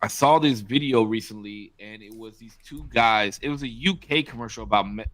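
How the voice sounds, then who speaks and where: A man's voice: fairly low pitch, brisk, fairly bright tone. A man co-hosting a podcast, chatting loosely in bursts with plenty of swearing. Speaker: podcast co-host. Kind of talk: casual chat.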